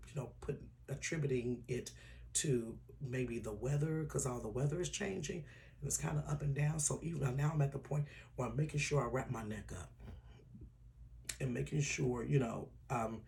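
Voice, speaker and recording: A man vlogging an update to his viewers in a casual, earnest way, with a tired, hoarse throat. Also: mid-range voice. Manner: earnest, personal and emotional, drops to a whisper at times. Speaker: YouTuber.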